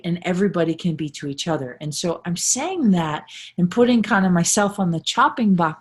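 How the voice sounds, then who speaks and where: A middle-aged woman coach talks straight to her audience in a casual, heartfelt way, her voice husky and breathy. She stresses points by repeating phrases and keeps checking in with a quick "right?". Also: on the low side. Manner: earnest, emphatic, repetitive, with frequent "right?" tags. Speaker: life coach and motivational speaker. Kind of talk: casual live motivational talk.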